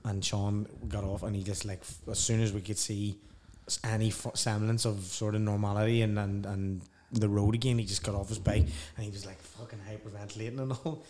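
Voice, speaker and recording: A man spins a loose, sweary travel yarn in relaxed conversation. He breaks into laughter at his own punchlines and acts out the lines of the people in his stories. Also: lowish voice, fairly quick, few pauses, a little hiss or hum. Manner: sweary, animated storyteller who laughs through his own tales. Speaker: podcast guest. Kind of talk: casual storytelling chat.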